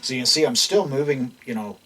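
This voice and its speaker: Speaking fast in a medium-pitched voice, a man runs an easygoing guitar lesson, explaining loosely while playing, with lots of fillers and false starts. He's an instructor recorded off mic and far away, guitar sounding behind him.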